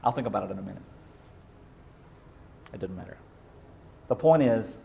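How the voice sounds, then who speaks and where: A middle-aged man preaching a sermon as pastor, emphatic, swinging between loud bursts and quiet asides. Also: on the low side, animated, normal speed, gravelly, slight background noise.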